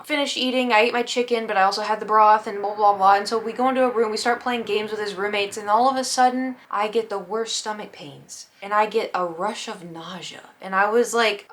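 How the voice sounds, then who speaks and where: A young woman telling a casual storytime vlog, animated, acting out her own past panic and her friends' lines. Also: medium pitch, fast, hardly any pauses. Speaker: vlogger.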